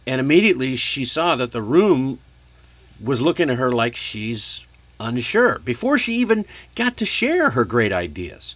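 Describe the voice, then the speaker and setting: A man teaching spoken English online, coaching in a deliberate way and showing rising and falling intonation. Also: medium pitch, big pitch swings, fairly bright tone, no room sound. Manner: coaching, deliberate, checks in with "okay?".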